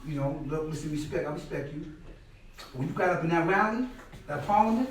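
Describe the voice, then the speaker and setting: A middle-aged man telling stories at a class in a casual, animated way, often acting out what others said and repeating words. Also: fairly high pitch, brisk, slight background noise. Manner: animated, acts out quoted people loudly, repeats words. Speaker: guest speaker at a class. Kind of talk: conversational storytelling lecture. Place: indoor classroom space. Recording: very echoey room, mic far off.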